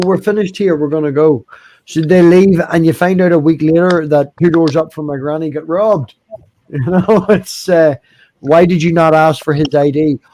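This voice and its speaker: A man's voice: fairly high pitch, a little mellow, a little hiss or hum. A man with a Northern Irish accent telling wry, chatty anecdotes in casual conversation. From Northern Ireland. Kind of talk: casual chat.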